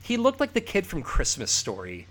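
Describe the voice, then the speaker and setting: Animated, swearing man on a podcast. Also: on the high side, moderate pace, heavy background noise. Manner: profane, animated, riffing with laughs. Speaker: podcast co-host. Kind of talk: casual chat.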